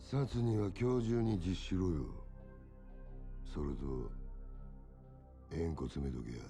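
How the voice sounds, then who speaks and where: An actor playing a gruff, menacing yakuza man, speaking in rough, threatening street slang. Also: low voice, sing-song, normal speed, dark tone, faint music behind.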